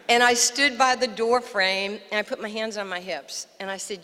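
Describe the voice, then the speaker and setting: Animated New York woman telling stories. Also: medium pitch, moderate pace, hardly any pauses, big-room sound. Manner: animated storyteller, acts out quotes. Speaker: guest speaker. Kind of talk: storytelling speech. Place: outdoor park dedication.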